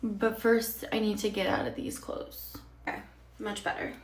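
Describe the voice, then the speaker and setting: Young woman spilling a dating story, blunt, swears a lot, mid-pitched, echoey bathroom, phone kinda far away. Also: little pitch movement, moderate pace. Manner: candid and blunt, swears freely, voices other people's lines. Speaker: storytime creator. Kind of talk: casual storytime vlog. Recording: echoey room, mic at a distance.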